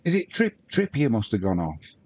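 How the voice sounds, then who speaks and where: A man's voice: fairly low pitch, wildly swooping pitch, normal speed, a little mellow, highs cut off. A man from the UK hosting a live match watch-along, chatting casually and reading viewer comments aloud with banter. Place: at home.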